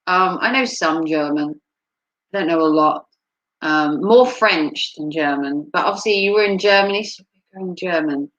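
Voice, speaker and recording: A woman chatting casually on a live stream, rambling and filling pauses with frequent ums. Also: on the low side, a bit bright, muffled recording. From United States.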